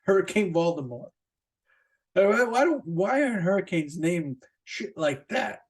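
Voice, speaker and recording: A man hosting his own podcast in a casual solo rant. He swears a lot, rambles with fillers and restarts, and jumps up in pitch to stress a point. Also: measured pace, breathy edge. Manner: animated, jumping up in pitch for emphasis. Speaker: podcast host.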